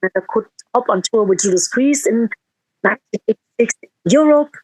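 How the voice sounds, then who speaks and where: A woman's voice: a little high, lively intonation, brisk, a little mellow, dry recording, poor audio. A woman musician in a casual interview, telling a heartfelt story with quoted dialogue and frequent restarts.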